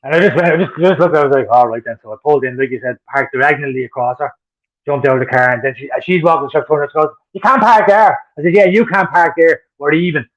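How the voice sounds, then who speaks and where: A man's voice: mid-range voice, rapid-fire, rough recording. A man, co-hosting a podcast in casual chat, sweary and telling his own similar story. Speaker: podcast co-host.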